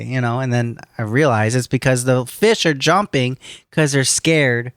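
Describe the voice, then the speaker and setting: A man's voice: medium pitch, moderate pace, clear, resonant tone, dry recording, clean studio sound. A young man rambling through a casual podcast story, swearing a lot and laughing often. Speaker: podcast co-host. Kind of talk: casual chat.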